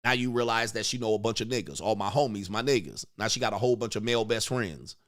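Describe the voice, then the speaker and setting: A man's voice: on the low side, fast, a bit bright. A man hosting a casual reaction commentary, crude and joking, often mimicking other people's voices. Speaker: commentary show host.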